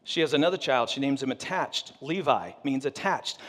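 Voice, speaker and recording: A pastor telling a story in a humorous sermon, animated and joking with his audience. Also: mid-range voice, moderate pace, few pauses, in a large hall.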